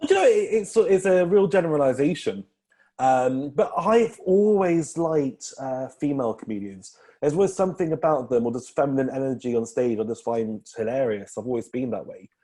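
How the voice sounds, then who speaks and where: A man's voice: mid-range voice, expressive, normal speed, dark tone. Rambling man, comedian guest. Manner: rambling, filler-heavy, laughs often. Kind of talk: casual podcast interview.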